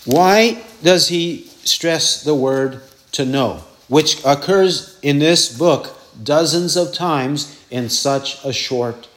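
A man's voice: on the high side, slow pace, few pauses, a bit bright. A man preaching an expository sermon, repeating verse references and asking rhetorical questions.

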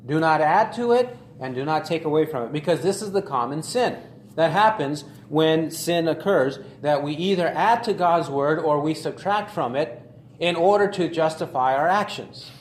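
A man preaching an expository sermon, deliberate and emphatic, repeating key phrases for stress. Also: a little high, animated. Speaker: pastor. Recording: echoey room with faint ambient noise.

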